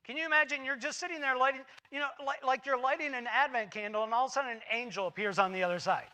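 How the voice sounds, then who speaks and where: A man preaching a sermon as a church pastor, telling a Bible story with animated, acted-out paraphrases of the characters. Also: extremely high pitch, racing, clear, resonant tone. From United States. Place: church sanctuary.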